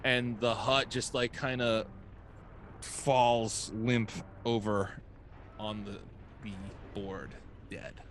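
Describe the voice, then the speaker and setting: A man's voice: medium pitch, fairly even intonation, very slow, fairly bright tone, a little hiss or hum. A man running a tabletop game as game master, narrating loosely with frequent laughs and fillers.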